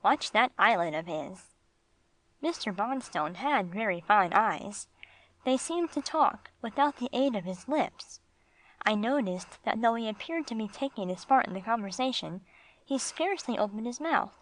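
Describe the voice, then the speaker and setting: A woman narrating an audiobook in a steady storytelling read. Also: on the high side, normal speed, dry recording. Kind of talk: scripted narration.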